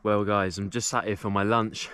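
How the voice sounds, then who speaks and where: A man's voice: lowish voice, level tone, moderate pace, background noise. A man vlogging casually to camera as he hikes up a mountain outdoors, out of breath and chatting to his viewers. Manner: chatty, addresses viewers as guys. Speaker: travel vlogger. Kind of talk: casual vlog to camera while hiking.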